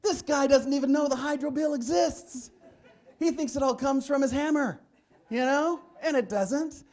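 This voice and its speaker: A man's voice: very high voice, moderate pace, a little mellow. A man giving a comedic keynote speech on stage to a live audience, telling a story and acting out dialogue with his doctor. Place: large hall with a live audience.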